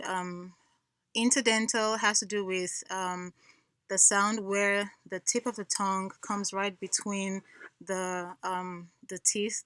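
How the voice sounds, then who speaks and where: A woman giving a student class presentation, explaining in a hesitant way with many pauses and fillers. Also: medium pitch, fairly bright tone, dry recording.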